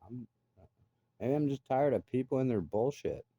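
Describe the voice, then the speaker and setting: Blunt, grumbling man with a dark voice. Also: medium pitch, expressive, moderate pace, breathy edge, no room sound. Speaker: vlogger. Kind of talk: casual monologue rant.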